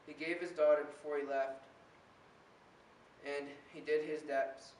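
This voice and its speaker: In an indoor performance space, a teenage boy gives an earnest, rhythmic slam poem. His voice sits on the high side, flat and unhurried, with a slightly mellow tone. The recording is roomy, with faint hiss from a distant microphone.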